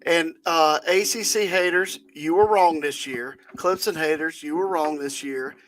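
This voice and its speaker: A man co-hosting a casual sports podcast, animated and jokey, getting excited about the games. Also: on the high side, a little slow. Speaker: podcast co-host.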